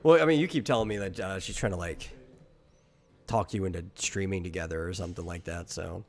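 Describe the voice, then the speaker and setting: A man in casual chat, dry and reasoning, his sentences trailing off quietly. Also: sits low, fairly quick. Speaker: podcast co-host.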